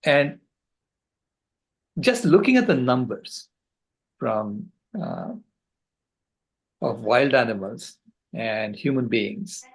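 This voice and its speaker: An older man on a video call, giving a passionate, earnest storytelling talk with halting restarts. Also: mid-range voice, animated, vocal fry, husky, rough recording. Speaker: conference speaker.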